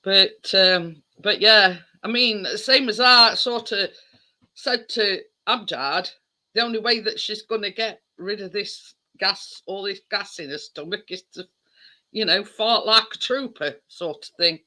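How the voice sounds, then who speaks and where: A woman's voice: medium pitch, a little slow, pushed and bright. A woman hosting a casual livestream, chatting with viewers in a rambling way with lots of fillers. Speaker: livestream host.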